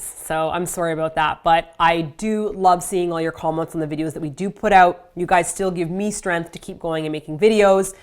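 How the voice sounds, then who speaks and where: A woman's voice: on the low side, smooth. Candid self-deprecating woman vlogger. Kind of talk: candid personal vlog.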